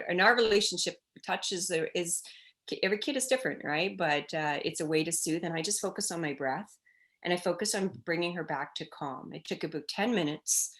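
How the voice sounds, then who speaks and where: A middle-aged woman, a child development expert, telling stories in a conversational interview and acting out children's cries as she goes. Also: on the low side. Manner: animated storytelling, acting out children's cries in quotes.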